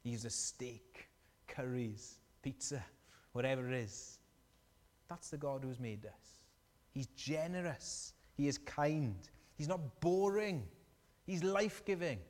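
A man delivers a sermon in a church hall. He tells the story with animation and keeps asking his listeners questions. His voice sits at a middle pitch and rings out with a long reverb. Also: slow pace, darkish tone. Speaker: preacher.

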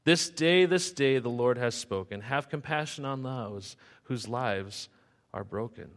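A man's voice: medium pitch, animated, measured pace, fairly bright tone. A male pastor preaching a sermon and telling a story in sing-song rhyme. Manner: rhythmic, sing-song rhyming delivery. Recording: long reverb of a hall.

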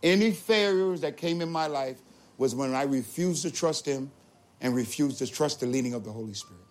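A man telling his conversion testimony as a story, swinging between excited high retellings and low, solemn moments. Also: moderate pace. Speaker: testimony speaker. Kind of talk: spoken testimony.

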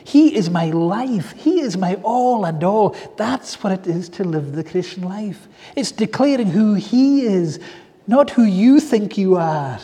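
A male preacher with a high, mellow voice delivers a fervent sermon, stretching out pleading calls. His words ring through a church hall with long reverb. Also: lively intonation. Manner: fervent, drawn-out pleading exclamations.

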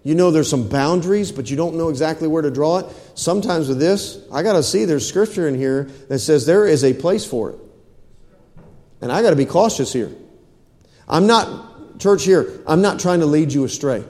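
A male pastor delivers a sermon in a fairly high voice. He keeps asking the congregation questions and repeats phrases for emphasis. The sound carries a long church reverb. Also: expressive, a little slow, a little mellow.

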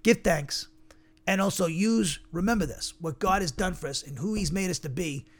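A man's voice: sits high, moderate pace. A man teaching a verse-by-verse Bible lesson in a methodical, repetitive way, working through Greek words and stumbling over some of them.

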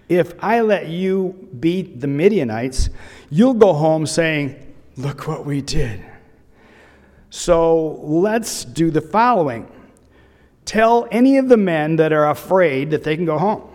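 A man's voice: fairly high pitch, a little mellow, in a large hall. A man preaching a sermon, retelling a scripture story with humorous asides. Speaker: pastor.

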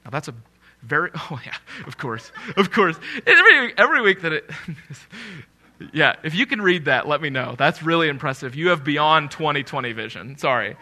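Animated pastor preaching. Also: male voice, a little high. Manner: animated, joking with the congregation, repeats key phrases slowly for emphasis. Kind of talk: sermon. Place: church sanctuary, live preaching.

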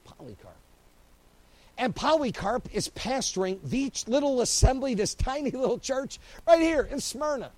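A man preaching from the pulpit, his voice sitting a bit higher than most men's. He drops to near-whispers and then builds into loud, rhythmic runs of repeated phrases. A faint hiss runs under the recording. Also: rough recording. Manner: swings from hushed, slow lines to loud, driving buildups. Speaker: pastor. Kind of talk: sermon.

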